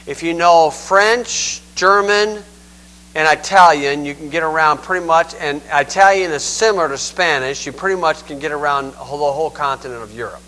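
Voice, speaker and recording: A man's voice: a little high, normal speed, bright, forceful tone, low-quality recording. A man giving a conversational Bible teaching, folksy and digressive, often saying "okay".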